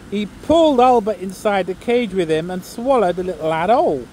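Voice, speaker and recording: A man recites a comic poem aloud outdoors, slow and theatrical. His voice sits high, and he puts on a Lancashire accent. Faint street traffic hums behind him. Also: a little mellow. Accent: put-on Lancashire. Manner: storytelling, theatrical. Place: outdoors in a seaside town.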